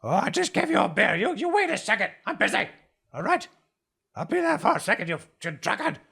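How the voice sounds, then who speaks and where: A man voicing a nervous, sweaty male tavern keeper who talks in a high-strung, loud way. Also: sing-song, fairly quick, vocal fry, breathy edge, full character voice. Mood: irritated.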